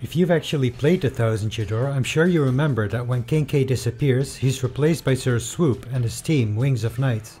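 A man's voice: mid-range voice, moderate pace, few pauses, warm tone, soft background music. Wry male video essay narrator. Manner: wry, chatty commentary.

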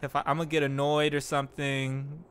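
A man's voice: fairly high pitch, fairly quick, clear, resonant tone. A young man giving casual commentary while streaming a climbing game, laughing and yelping as he plays. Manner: excitable, laughs and yelps at the game.

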